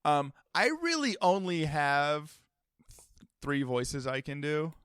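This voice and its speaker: A man co-hosting a comedy podcast in loose, jokey chat, laughing between lines. His voice is smooth and fairly high for a man, and the recording is dry and close with no room sound. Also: very animated, slow pace, fairly bright tone, dry recording. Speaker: podcast co-host.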